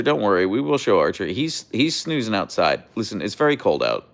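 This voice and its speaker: A man's voice: big pitch swings, fairly quick, dry recording. A young man hosting a casual livestream from an outdoor deck, chatting with viewers and cooing at his dogs. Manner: chatty, reads out viewer comments; coos to his dogs in a high voice. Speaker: livestream host.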